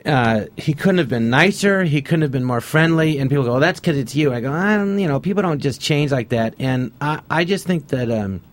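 A man's voice: fairly high pitch, lively intonation, a little fast, few pauses. A man being interviewed on a radio show, telling anecdotes casually and acting out the conversations he remembers. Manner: anecdotal, acts out past conversations in quotes. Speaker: guest comedian.

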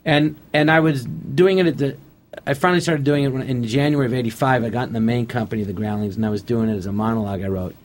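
A middle-aged man recounts career anecdotes in a relaxed, conversational way. His voice sits at an ordinary middle pitch. He often slips into the voices of the people in his stories. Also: quick pace. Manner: animated anecdotes acting out quotes. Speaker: interview guest. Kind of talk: casual storytelling.

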